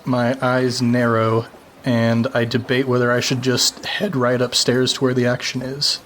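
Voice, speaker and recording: A man playing a tabletop role-playing game, narrating his character's actions in a measured, dramatic way. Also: mid-range voice, level tone, a bit bright, a little hiss or hum. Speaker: player. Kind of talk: casual tabletop play.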